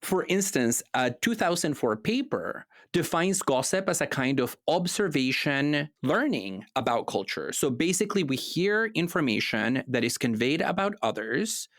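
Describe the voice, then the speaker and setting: A man's voice: a little high, very animated, normal speed, hardly any pauses, a bit bright, no echo, studio quality. A man co-hosting a casual philosophy podcast, explaining ideas at length and laughing easily. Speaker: podcast co-host.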